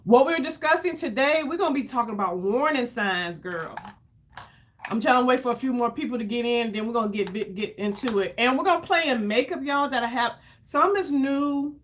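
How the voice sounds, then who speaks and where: A woman's voice: on the high side, lively intonation, a little fast, slight background noise. Chatty woman in her fifties, livestreaming. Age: 50s. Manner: chatty, effusive, greets viewers by name. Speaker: makeup livestream host. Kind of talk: casual livestream chat while doing makeup.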